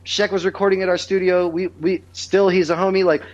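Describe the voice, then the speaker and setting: A man with a notably high voice spins loose, meandering stories, piling on fillers and starting sentences over. The audio is muffled and lo-fi, like a modest podcast setup. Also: flat delivery, a little fast. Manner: rambling, filler-heavy, restarts sentences. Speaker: guest. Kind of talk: casual storytelling chat.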